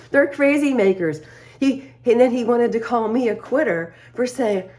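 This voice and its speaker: A woman's voice: fairly high pitch, lively intonation, slow, a little mellow. Laughing woman telling a personal story. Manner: laughs often between lines, acts out quotes; confiding, speaks straight to viewers. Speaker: vlogger.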